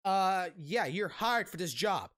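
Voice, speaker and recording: A man's voice: high-pitched, very animated, normal speed, a bit bright. A man streaming a casual rant, angry and heavily profane, blunt, repeating himself for emphasis.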